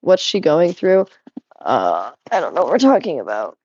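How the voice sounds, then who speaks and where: A woman's voice: deep voice, huge pitch swings, normal speed, mellow, husky, no echo, highs cut off. A young woman streaming as she cleans at home, chatting playfully and teasing her viewers in a rambling way. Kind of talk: casual chat while cleaning. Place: indoors at home.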